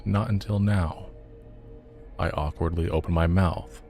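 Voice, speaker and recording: A man narrating a scripted horror story in a calm, measured way. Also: sits low. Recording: soft music under the voice.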